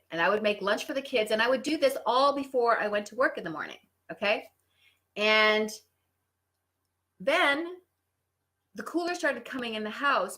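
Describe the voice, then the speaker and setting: A woman's voice: fairly high pitch, a bit bright. A middle-aged woman hosting a casual relationship advice talk, telling stories with sarcastic asides. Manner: conversational storytelling, sarcastic asides. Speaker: host.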